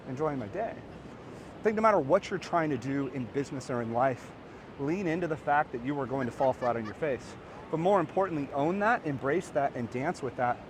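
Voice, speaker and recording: A man in his thirties, a podcast host and coach, giving an energetic, earnest motivational talk to camera outdoors by a beach. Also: fairly high pitch, noisy background. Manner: energetic, animated and earnest, rising to excited peaks.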